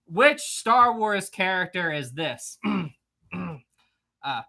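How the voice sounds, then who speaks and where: Male livestream host: casual, giggly, rambling, bright tone. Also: a little high, very animated, slow pace. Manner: chatty, giggly, rambling with many restarts. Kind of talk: casual livestream chat, reading super chats.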